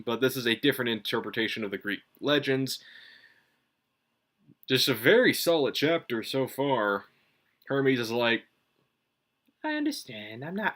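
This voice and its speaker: A man's voice: medium pitch, fairly bright tone. A man giving a casual, rambling review, swearing freely and filling gaps with "like" and "um". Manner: rambling, profane, many fillers and restarts. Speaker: manga reviewer. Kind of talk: casual solo review commentary.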